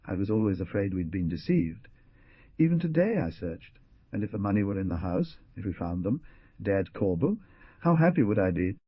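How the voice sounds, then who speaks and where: A man's voice: on the low side, sing-song, moderate pace, husky, no echo, lo-fi sound. A man voicing Columba, a distressed young village bride, with an anxious, plaintive delivery in an audiobook reading.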